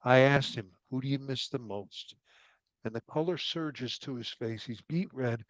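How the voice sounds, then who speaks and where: Male host who is a doctor, measured and reflective, dry close recording. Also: medium pitch, no echo. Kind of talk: casual storytelling chat.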